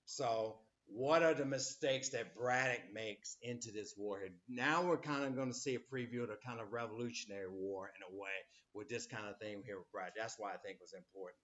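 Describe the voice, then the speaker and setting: A man's voice: lowish voice, fairly quick, hardly any pauses, a bit bright, highs cut off. A man teaching a history class, rambling with many fillers and acting out quotes as he lectures.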